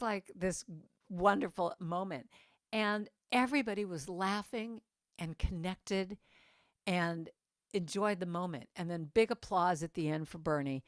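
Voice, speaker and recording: A middle-aged woman giving a sermon as a guest speaker, telling stories in an animated way and acting out the voices of people she quotes. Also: lowish voice, smooth, no room sound, clean studio sound. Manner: animated, acts out quoted voices, laughs while talking. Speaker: guest speaker at a Sunday service. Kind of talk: storytelling sermon.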